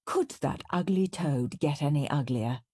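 Expressive woman reading a storybook. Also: sits low, measured pace, slightly rough, no echo, studio quality. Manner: expressive, lively. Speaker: reader.

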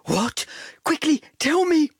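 A woman doing an eager, excitable storybook dog. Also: mid-range voice, slow pace, breathy edge, no echo, studio quality, heavily acted. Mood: excited.

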